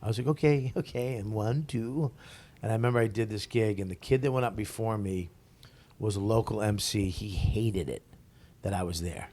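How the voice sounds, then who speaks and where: Profane, animated male comedian telling stories. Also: fairly low pitch, normal speed. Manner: profane, animated storyteller who acts out other people's lines. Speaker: stand-up comedian, guest. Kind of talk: casual storytelling interview.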